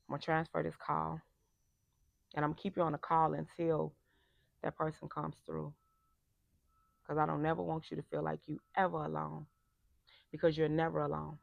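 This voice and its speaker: A woman life coach giving a passionate motivational talk, emphatic and turning loud and animated when making a point. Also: sits low, vocal fry, dry recording, highs cut off.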